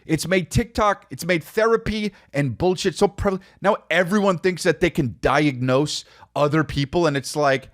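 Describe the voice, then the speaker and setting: A man's voice: fairly high pitch, animated, moderate pace, no echo, clean studio sound. A man in his forties hosting a podcast, rambling through a comedic monologue and slipping into silly voices. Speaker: podcast host.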